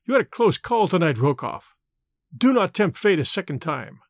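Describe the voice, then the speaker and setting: A man's voice: high voice, very animated, normal speed, no echo. A man reading the part of a bitter, cornered army officer who hisses threats.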